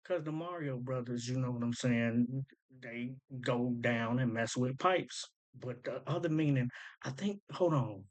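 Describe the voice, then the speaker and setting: In an unhurried, mid-range voice, a man hosts a casual breakdown of rap lyrics. He thinks aloud, repeats lines back and explains them in loose slang.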